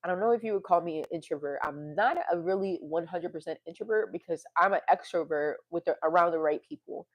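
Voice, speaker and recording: A woman's voice: fairly low pitch, fast talker, hardly any pauses, dull audio. A woman vlogging to her viewers in a rambling, confessional way, sighing, laughing and swearing now and then. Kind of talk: candid casual monologue.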